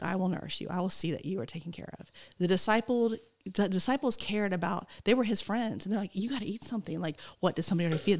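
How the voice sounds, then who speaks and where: A woman in her forties, a missionary guest, telling her story in animated casual testimony full of "like"s. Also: lowish voice. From North Carolina, USA. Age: 40s.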